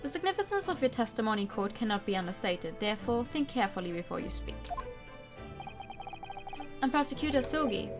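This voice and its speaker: A woman reading the lines of a stern male judge in a formal, measured way. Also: a little high, very animated. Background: background music.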